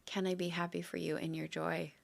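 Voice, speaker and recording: A woman's voice: fairly low pitch, little pitch movement, a little fast, vocal fry. A woman co-hosting a casual podcast, speaking in a candid, earnest and emphatic way. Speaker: guest co-host, educator.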